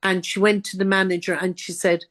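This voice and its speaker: Woman, Irish accent, interview guest, storytelling, acts out quotes, middle pitch. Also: fairly quick. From Ireland. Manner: lively storyteller, acting out others' words. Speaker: guest author.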